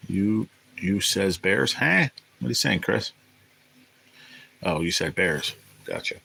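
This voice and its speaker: Deep-voiced rambling livestream host. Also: male voice, expressive, takes it slowly, creaky, sharp tone, husky, poor audio. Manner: rambling, profane, chatty with viewers. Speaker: livestream host reading chat. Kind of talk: casual livestream chat.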